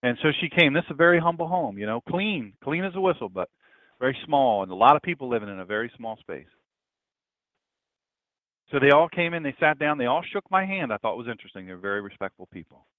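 A man's voice: mid-range voice, animated, fast, no room sound. Man preaching over a tinny, dry line. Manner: dramatic swings between loud and hushed. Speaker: pastor. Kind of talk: sermon storytelling.

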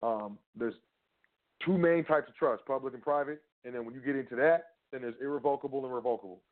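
A slightly quick, mid-range male voice carries this casual trust law lecture. The educator wanders from point to point, asks and answers rhetorical questions, and speaks to the listener directly. Recording quality is narrow and phone-like.

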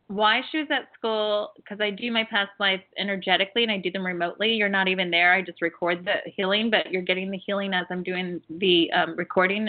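A woman hosting a call-in show about past-life healing, telling stories in a chatty, animated way with many fillers. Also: mid-range voice. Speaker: host and past-life healer. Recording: phone-like narrow band.

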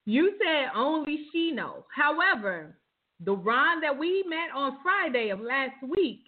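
A woman hosting a playful talk show, arguing back with exasperated emphasis and frequent laughter. Her voice rides a little high. The sound is narrow and tinny, like a phone call. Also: sing-song, takes it slowly. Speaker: host. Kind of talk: casual comedic banter.

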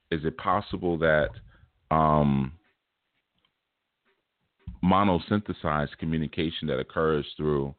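Chill streetwise guy riffing on his stream, says man a lot, dry close sound, real low voice. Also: no echo. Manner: laid-back, streetwise, repeats phrases, says "man" and "you know". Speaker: host of a spiritual teaching show. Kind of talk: casual livestream talk. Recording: tinny phone-like dry sound.

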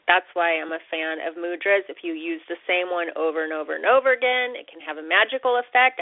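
A woman's voice: mid-range voice, no room sound. Chatty woman podcast host, laughs a lot, dry tinny phone-line sound. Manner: chatty, laughs often, playful dramatic asides. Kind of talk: casual spiritual self-help talk.

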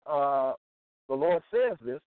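Slow and lively in intonation, this man's mid-range voice carries a religious broadcast where he preaches Bible passages with emphatic repetition and checks in with "okay?". The audio has a tinny phone-line quality, dry and echo-free.

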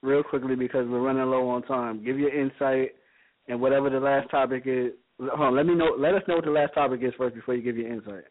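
A man co-hosting a casual call-in talk show, hurried and cutting in to keep things moving. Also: mid-range voice, fairly even intonation. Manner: hurried, keeps cutting in to move the show along. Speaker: co-host. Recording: tinny phone-line audio.

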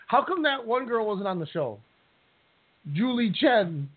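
Guy with a high voice rambling thru a reality show recap, sounds like a tinny phone line. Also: very animated, unhurried. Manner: rambling, jokey, with many restarts. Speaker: podcast co-host.

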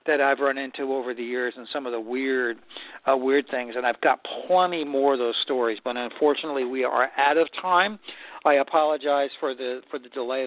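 A man hosting a stone and tile advice show, telling stories to listeners in a relaxed, folksy way and often repeating words as he thinks. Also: medium pitch. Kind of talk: casual storytelling to listeners. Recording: dry tinny phone-line sound.

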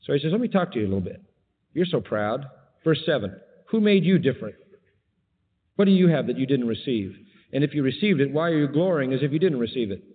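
A man preaching a sermon, emphatic and animated, mocking his subject with sarcastic quotes. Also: fast, big-room sound, phone-quality sound. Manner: emphatic, sarcastic quoting with big pitch jumps.

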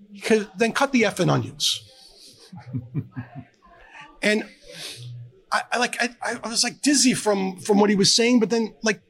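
A middle-aged fire service counselor speaks earnestly as a guest in a candid, conversational interview on a live podcast at a trade conference. His voice is on the high side, creaky and fairly bright, and he halts often, restarting his sentences.

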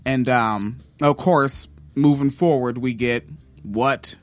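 A man's voice: medium pitch, fairly bright tone. Casual profane male podcast host. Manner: loose and profane, with many ums and uhs. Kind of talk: casual music-history commentary.

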